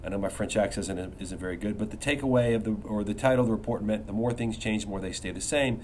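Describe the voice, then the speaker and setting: A man's voice: on the low side, quick pace, a little mellow, a little hiss or hum. Emphatic middle-aged man hosting a podcast. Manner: emphatic, conversational, asks rhetorical "you know what?". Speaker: podcast host, investment research firm founder. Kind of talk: casual podcast monologue.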